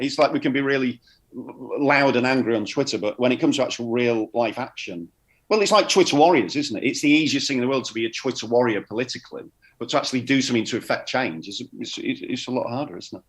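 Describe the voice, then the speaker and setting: A man's voice: mid-range voice, fast. A man chatting casually as a comedian guest, rambling and repeating words, often laughing. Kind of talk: casual chat.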